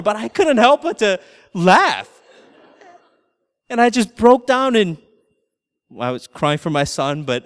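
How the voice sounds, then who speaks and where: A middle-aged male pastor telling a family story in a sermon, animated and laughing through his anecdotes. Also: high voice, smooth, in a large hall.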